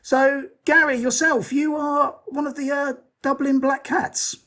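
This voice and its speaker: A man's voice: very high voice, little pitch movement, a little slow, sharp tone. A man hosting a casual football podcast, introducing guests with chatty fillers. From England. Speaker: podcast host.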